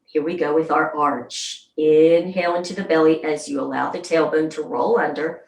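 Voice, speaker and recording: A woman leading a gentle somatic movement class, calmly guiding each move and counting slowly aloud. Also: low-pitched, vocal fry. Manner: slow, soothing, counts aloud. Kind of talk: guided exercise class. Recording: roomy sound, mic at a distance.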